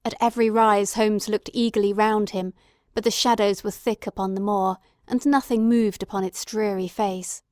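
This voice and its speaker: A woman reading a classic novel aloud as an audiobook narrator, in a measured, dramatic storytelling manner. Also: medium pitch, steady tone, a little mellow, no echo, clean studio sound. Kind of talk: scripted narration.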